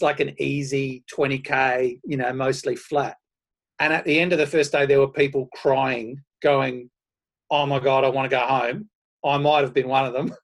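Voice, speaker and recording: A man, telling his running stories in a casual, self-deprecating and animated way. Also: a little high. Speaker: podcast guest, runner. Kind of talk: casual storytelling.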